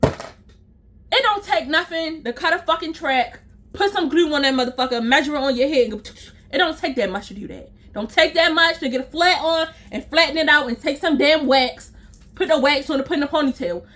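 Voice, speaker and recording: A young woman vlogger tells her viewers a storytime, ranting casually in a blunt, profane, exasperated way and talking straight to her audience. Her voice is high and a bit bright, at a normal speed.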